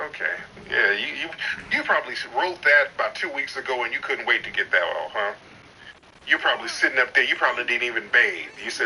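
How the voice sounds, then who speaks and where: A man's voice: medium pitch, animated, fast talker. Teasing man hosting a roast-style chat. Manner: teasing, mock-stern, bursts of loud exclamation. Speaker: host of a live audio chat stream. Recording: distant noisy online voice chat.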